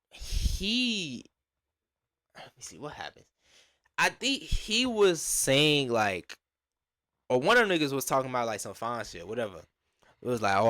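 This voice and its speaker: In a dry, studio-quality recording, a young Atlanta man with a medium-pitched voice spins a casual story full of slang. As a storytelling vlogger, he animatedly acts out plenty of quotes.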